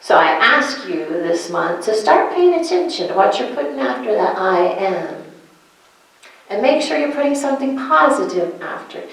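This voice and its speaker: A woman's voice: a little high, sing-song, moderate pace, vocal fry, hardly any pauses. A woman minister giving a sermon-style lesson to a congregation, asking questions of her listeners and repeating key phrases with emphasis. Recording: echoey room.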